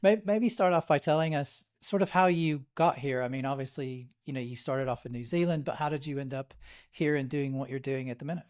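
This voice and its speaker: A man's voice: medium pitch, steady tone, fairly quick, a little mellow. A man hosting a podcast, greeting and introducing his guest in a friendly, hesitant way with many fillers. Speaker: podcast host. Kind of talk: casual interview chat.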